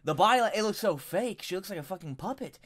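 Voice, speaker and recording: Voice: medium pitch, animated, quick pace. A vlogger delivering a profane, exasperated and rambling rant into a microphone set a little way off. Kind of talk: angry ranting commentary.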